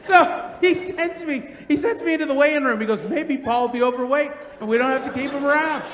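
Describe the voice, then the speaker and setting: Man, stand-up comedian, high voice, loud animated storytelling, long theater reverb. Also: a little fast, a little hiss or hum. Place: large theater stage.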